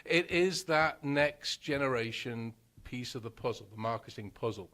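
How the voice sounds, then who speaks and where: A man's voice: mid-range voice, moderate pace, sharp tone. Chatty male radio guest. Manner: chatty, lots of fillers and restarts. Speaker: marketing guest. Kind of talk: casual radio interview talk. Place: radio studio. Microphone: studio microphone.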